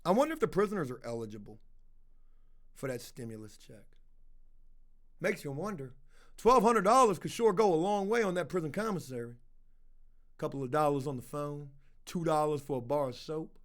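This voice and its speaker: A man's voice: fairly high pitch, animated, moderate pace, long pauses, fairly bright tone. A man streaming casual commentary, reading chat aloud, rambling and swearing freely. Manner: rambling, swears a lot, slips into put-on voices.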